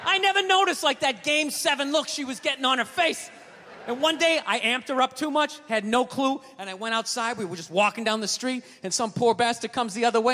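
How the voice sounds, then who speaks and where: A man doing a stand-up comedy routine on a theater stage, ranting and swearing, swinging from mutters to shouts. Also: very high-pitched, lively intonation, a little fast, slight background noise. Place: large theater stage with live audience. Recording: live hall with audience.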